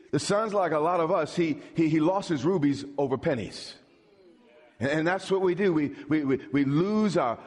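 A middle-aged man preaches with a husky edge to his voice and a widely swinging, animated delivery. He stammers and repeats words, then drives home his points by tossing questions to the congregation. His voice rings out with the long reverb of a large sanctuary. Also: fairly high pitch. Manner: call-and-response preaching, stammering repeats, emphatic. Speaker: pastor. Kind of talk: sermon.

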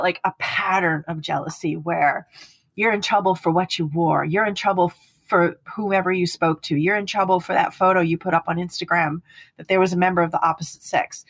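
Woman in her 50s talking abuse on a podcast, earnest and lively, husky lowish voice, dry sound. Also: no echo. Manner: earnest, animated storyteller who acts out quotes. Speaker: guest speaker on partner abuse. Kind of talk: casual podcast conversation.

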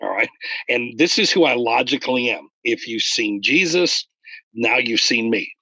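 A man in casual conversation about faith, explaining earnestly and getting animated when he retells stories. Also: medium pitch, moderate pace, slightly rough, no echo, rough recording.

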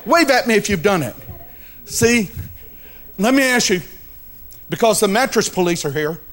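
High-voiced dramatic male preacher. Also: expressive, moderate pace, a bit bright. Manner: dramatic storytelling, emphatic, direct address to congregation. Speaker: pastor. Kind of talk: sermon.

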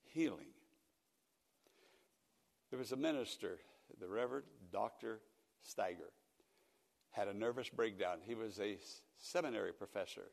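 An older male pastor delivers a folksy, story-driven radio sermon, rising into loud, emphatic peaks. His voice is low-leaning and gravelly, and it carries the long reverb of a church hall.

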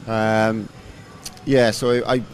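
A man in his thirties, a rugby coach, answering interview questions in a relaxed, rambling way with lots of fillers. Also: fairly low pitch, slow, a little hiss or hum. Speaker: rugby coach and former player.

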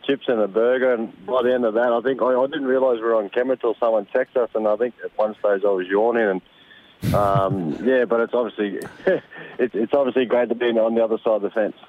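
A man's voice: medium pitch, fairly even intonation, quick pace. A retired rugby league player in his thirties with an Australian accent, chatting casually on a phone line and laughing easily. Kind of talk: casual radio chat on the phone.

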